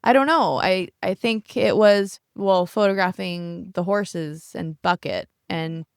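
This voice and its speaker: A woman's voice: on the low side, takes it slowly, clear, resonant tone, no echo, studio quality. A woman co-hosting a podcast on a yacht, chatting casually and acting out quotes with laughs. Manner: animated storytelling, acts out quotes, laughs often. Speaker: podcast co-host and photographer. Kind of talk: casual chat. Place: aboard a family yacht.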